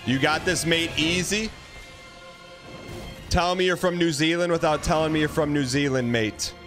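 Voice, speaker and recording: A man streaming a game and chatting casually with his audience. He talks in a quick-witted, teasing way, trading jokes with his chat. Loud game music plays steadily behind his voice. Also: a little high. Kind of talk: casual live-stream chat while gaming.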